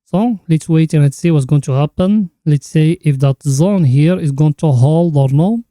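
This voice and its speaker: A man's voice: fairly high pitch, unhurried, warm tone, no room sound. A man hosting a market chart analysis, talking the viewer through it in an earnest, instructive way and repeating the same catchphrases. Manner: keeps addressing the listener as friend, repetitive catchphrases. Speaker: crypto chart analyst host.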